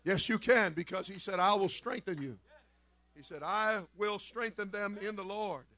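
High-voiced fervent preaching man. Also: moderate pace, sharp tone, no echo. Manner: fervent preaching with repeated phrases and amens. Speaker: pastor. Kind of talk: sermon.

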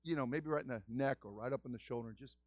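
A man, a senior pastor, giving a conversational sermon and telling stories with lively asides. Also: medium pitch, fast, no room sound, muffled recording. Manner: animated storytelling, acts out quoted voices.

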